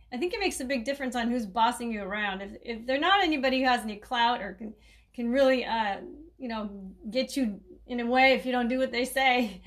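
A chatty middle-aged woman hosts her own caregiving podcast. She rambles warmly in a relaxed, unscripted way, laughing often and restarting her sentences. Her voice sits a little higher than most women's. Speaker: caregiving coach and podcast host. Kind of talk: casual solo podcast talk.

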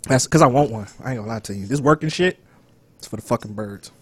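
A young man, joking loudly and then dropping low as a podcast co-host. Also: quick pace, husky. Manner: animated, joking, swings loud and soft. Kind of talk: casual podcast chat.

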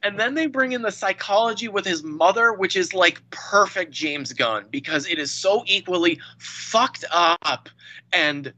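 An excitable man with a bright, forceful tone, swearing freely as he gushes about a film. His speech comes in rapid-fire bursts, full of fillers. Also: high-pitched, poor audio. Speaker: podcast co-host. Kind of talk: casual movie review chat.

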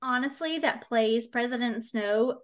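A young woman casually chatting about a book with friends, excitable and quick to swear, with big animated reactions. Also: fairly high pitch. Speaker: podcast co-host. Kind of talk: casual book club chat.

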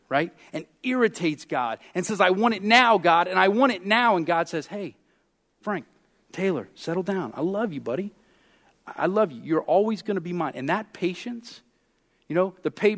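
A man preaching a sermon as pastor, telling stories with lively swings between loud and soft. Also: fairly high pitch.

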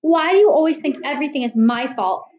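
A woman's voice: high voice, expressive, quick pace, a little mellow, dull audio, voice pushed up. A woman reading as a sulky girl. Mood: defiant. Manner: whiny, grumbling. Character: sulky defiant young girl. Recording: roomy echo.

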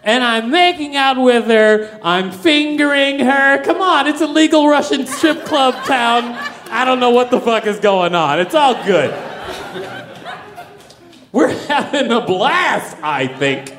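A man telling a wild comic story in stand-up style, profane and animated, often laughing through his lines. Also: very high-pitched, slow, noisy background. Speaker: comedian.

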